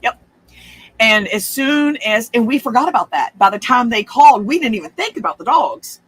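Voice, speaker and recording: A woman with a drawl tells a personal story in casual, chatty talk. She wanders off on tangents and swears without a second thought. Her voice is bright and carries some push. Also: fairly high pitch, animated, moderate pace, breathy edge, dry recording. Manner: chatty, profane, rambling with frequent asides.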